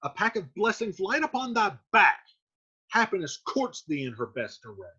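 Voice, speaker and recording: A man's voice: sits high, sing-song, moderate pace, sharp tone, husky, lo-fi sound, voice pushed up, full character voice. A man voicing a stern, reproachful older friar who scolds a young man in a dramatic play reading. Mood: stern scolding.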